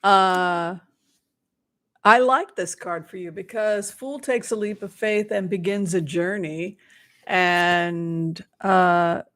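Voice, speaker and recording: A woman giving live tarot readings to her viewers, chatty and bubbly, with playful asides. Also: fairly low pitch. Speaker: tarot reader.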